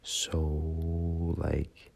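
A man's voice: rumbling low, monotone, very slow, creaky, darkish tone. A drunk man rambling into his phone, profane and heartfelt. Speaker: voice memo rambler.

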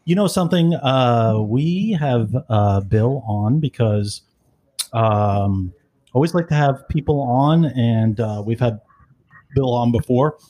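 A middle-aged male podcast host talks in a relaxed way, full of fillers and self-mockery. His voice sits in an ordinary middle range. He wanders from point to point in casual chat. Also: medium pitch, slow pace. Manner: rambling, filler-heavy, self-deprecating.

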